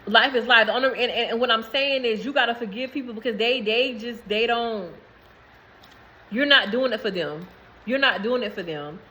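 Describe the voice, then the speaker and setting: A woman's voice: on the high side, normal speed, sharp tone, poor audio. A woman vlogging to camera in a casual, rambling way, repeating herself and laughing between phrases. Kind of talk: casual spiritual talk to camera.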